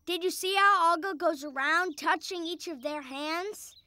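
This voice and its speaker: A woman voicing a patient, kindly female cartoon helper who coaches gently and encouragingly. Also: very high-pitched, unhurried, heavily acted. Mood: coaching. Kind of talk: children's cartoon voice acting.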